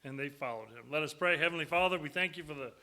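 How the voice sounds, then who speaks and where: A middle-aged man preaches in a church, his voice bright and fairly high. He tells folksy, joking stories between Scripture readings, talking easily to the congregation. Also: fast talker. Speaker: guest preacher. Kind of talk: sermon with storytelling. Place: church sanctuary.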